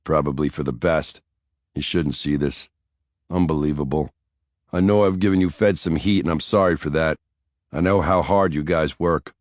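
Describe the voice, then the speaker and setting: A gruff, blunt big-city detective with a low, plain-spoken voice, as an audiobook narrator puts him on. He talks in short, hard sentences, recorded dry and close. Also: normal speed, no room sound. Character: blunt big male police detective, middle-aged.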